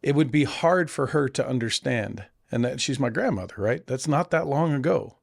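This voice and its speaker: A man's voice: medium pitch, expressive, normal speed, vocal fry, dry recording, clean studio sound. A middle-aged man from California, a conservation CEO, talking earnestly and self-deprecatingly in a casual interview. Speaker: guest, conservation nonprofit CEO.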